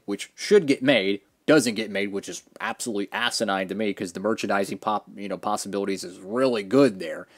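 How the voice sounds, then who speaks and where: A man giving a casual, opinionated review of collectible model cars, rambling with restarts, from his home studio. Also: mid-range voice. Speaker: diecast reviewer.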